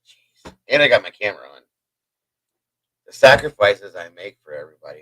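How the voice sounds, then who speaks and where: Hyper, rambling man host, low voice. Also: big pitch swings, moderate pace, pauses often, bright, forceful tone, no room sound, rough recording. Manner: hyper, rambling, chatty asides to viewers. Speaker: livestream host. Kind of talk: casual storytelling to a live chat.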